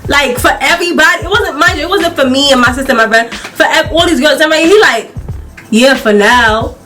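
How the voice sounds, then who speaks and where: High, bright young woman telling a story. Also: quick pace, faint music behind. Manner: animated, laughing, acting out quoted people. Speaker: YouTuber. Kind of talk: casual story time.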